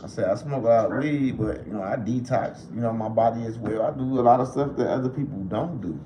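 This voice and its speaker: A man chatting loosely on a livestream, joking and cursing as he goes. His voice sits at an ordinary pitch and carries a roomy echo. Faint noise hums underneath. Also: brisk, dark tone. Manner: loose, joking, swears freely. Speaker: livestream host. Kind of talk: casual livestream chat.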